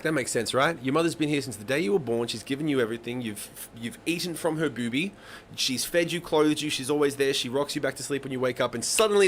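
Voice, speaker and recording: Against a little hiss or hum, a man with a medium-pitched voice hosts a live songwriting stream. He chats casually and tells animated stories, swearing plenty and acting out the voices of the people involved.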